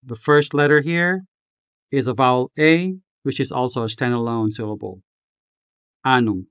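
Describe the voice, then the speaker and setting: A man teaching a language lesson, reading a script slowly and carefully, spelling out each syllable. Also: mid-range voice, a bit bright, smooth, dry recording, highs cut off. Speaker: language tutor.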